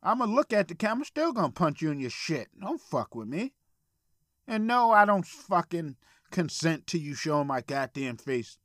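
A man's voice: a little high, very animated, normal speed, fairly bright tone, dry recording, studio quality. A man hosting a solo podcast from a small room, ranting in a profane, exasperated way. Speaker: podcast host.

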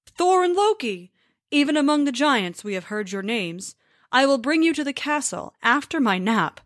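A woman voicing a huge, sleepy, good-natured male giant who mumbles slowly in a storybook. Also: high-pitched, sing-song, dry recording, clean studio sound. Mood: friendly. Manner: slow, drowsy mumbling.

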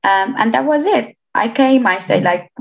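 A woman's voice: fairly high pitch, expressive, moderate pace, vocal fry. Young romanian woman, chatty and hesitant, kinda muffled audio. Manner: chatty, hesitant restarts, laughs often. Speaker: interviewee. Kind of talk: casual interview chat. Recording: slightly dull lo-fi sound.

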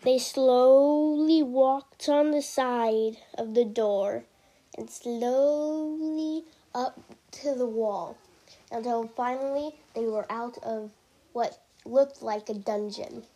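A woman's voice: a little high, slow pace, dark tone. A woman improvising a story aloud, hesitant with frequent restarts.

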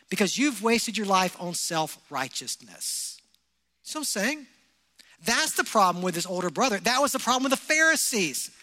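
A man's voice: very high-pitched, pushed and bright. A man, a pastor, preaching a sermon in a church, emphatic and full of rhetorical questions to the congregation. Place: church hall. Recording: long hall reverb.

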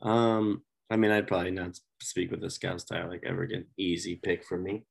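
A laid-back male podcast co-host who mostly chimes in with short agreeing replies. His voice sits low with a gravelly fry and a husky edge. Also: flat delivery, a little fast. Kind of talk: casual chat.

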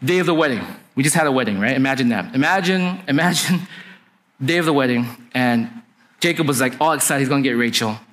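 A man's voice: mid-range voice, lively intonation, fast, a bit bright. A man preaching a sermon, retelling a story in casual slang and acting out the dialogue. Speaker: pastor.

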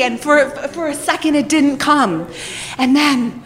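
A woman telling a humiliating personal story to a live audience, animated, self-mocking and full of swearing. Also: high-pitched, measured pace.

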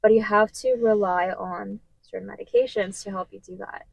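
A woman's voice: medium pitch, steady tone, normal speed, creaky, dry recording, poor audio. A woman co-hosting a podcast in casual chat, earnest and explaining at length. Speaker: podcast co-host.

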